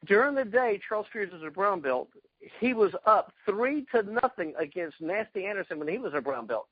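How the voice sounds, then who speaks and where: A man being interviewed, telling excited stories about past fights and acting out quotes. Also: high-pitched, a little fast, breathy edge, no echo, highs cut off. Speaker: guest, karate fighter. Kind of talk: animated storytelling interview.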